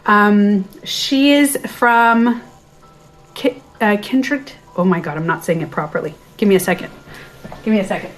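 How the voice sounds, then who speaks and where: A middle-aged woman hosting a casual live stream from her den at home, slightly out of breath, chatting to viewers and reading their comments as she goes, with soft music playing behind her. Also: mid-range voice, normal speed. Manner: chatty, self-interrupting, talks to viewers and reads their comments.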